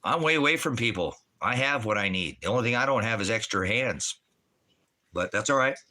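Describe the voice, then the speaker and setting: A man's voice: fairly low pitch, expressive, a little fast, sharp tone. Profane, rambling man ranting at his chat. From Oregon, USA. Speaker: livestreaming vlogger. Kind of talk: casual livestream rant. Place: indoors at home on a farm.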